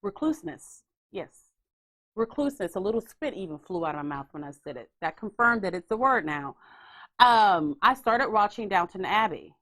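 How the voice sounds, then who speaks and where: A woman hosting a podcast in casual chat, animated and swearing freely. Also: mid-range voice, moderate pace. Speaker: podcast host.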